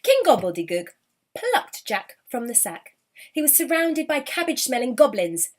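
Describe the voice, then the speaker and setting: A woman reading a children's storybook aloud with an expressive, animated delivery. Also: high voice, moderate pace.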